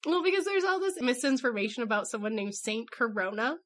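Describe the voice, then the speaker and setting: A middle-aged woman co-hosting a podcast, chatting casually with quick, wry joking asides. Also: a little high, a bit bright. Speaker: podcast co-host.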